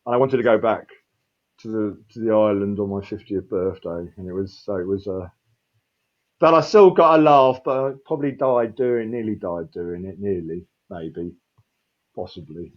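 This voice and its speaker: A man in his fifties, a street performer, telling a rambling, animated story and swearing freely. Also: on the low side, moderate pace, lo-fi sound. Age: 50s. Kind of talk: casual storytelling.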